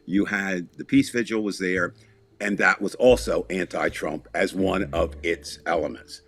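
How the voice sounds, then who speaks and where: A man's voice: sits low, steady tone, a little slow, vocal fry, a bit bright. A man chatting casually as a podcast co-host, telling a long story in a rambling way with restarts, asides and small chuckles.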